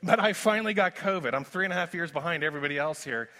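A male pastor preaching a sermon in an animated, conversational way, mixing in self-deprecating humor. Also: on the high side, racing.

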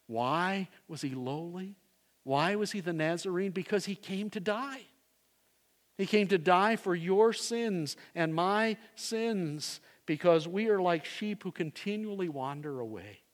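A man preaching a sermon as pastor, swinging between loud emphasis and hushed, low phrases. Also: expressive, a little slow. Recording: long hall reverb.

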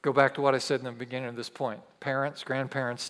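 A man's voice: medium pitch, little pitch movement, quick pace, hardly any pauses, fairly bright tone. A man preaching a sermon as pastor to his congregation, emphatic and repeating key lines with humorous asides. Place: church hall with audience. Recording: long church-hall reverb.

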